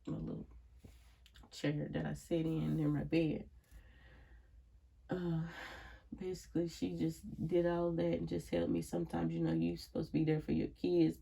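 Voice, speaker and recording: A woman's voice: deep voice, gravelly, warm tone, husky. A grieving woman talks to camera at home in a casual personal monologue. She is reflective and sighing, with frequent prayerful exclamations. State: grieving, emotionally drained. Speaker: vlogger. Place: at home, indoors.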